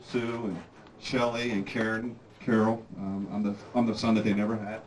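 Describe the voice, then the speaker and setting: A man's voice: on the low side, little pitch movement, moderate pace. A man giving a jokey birthday toast, laughing and cutting his own stories short. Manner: jokey, laughing, self-interrupting. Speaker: toast giver at a birthday party. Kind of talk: joking speech. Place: room at a family party. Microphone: far camcorder. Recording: echoey room from far off, loud noise.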